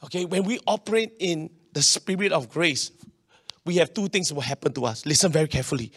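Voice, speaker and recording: A man preaching a sermon, animated, with local particles and many restarts. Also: fairly high pitch, fairly quick, husky. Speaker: pastor.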